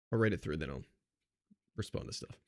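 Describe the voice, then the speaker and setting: A man's voice: on the low side, gravelly. Blunt sarcastic man streaming. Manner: blunt, sarcastic, swears casually. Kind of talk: casual live-stream chat.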